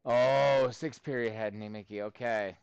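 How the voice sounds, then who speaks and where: A man's voice: mid-range voice, fairly even intonation, unhurried, gravelly, darkish tone, clear, resonant tone, dry recording, muffled recording. A male math teacher casually telling his class a story in a chatty, self-amused way. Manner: chatty, self-amused, talks straight to students.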